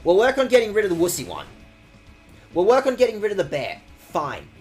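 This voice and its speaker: A man's voice: sits high, wildly swooping pitch, a little fast, darkish tone, faint music behind. A man streaming a video game with sarcastic, rambling commentary and mock-outraged asides. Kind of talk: sarcastic let's-play commentary.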